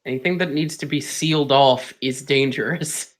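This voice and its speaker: A man with a mid-range voice talks at a normal speed, chatting casually as a guest on a stream. He's jokey and plain-spoken, and gets playfully defensive when teased.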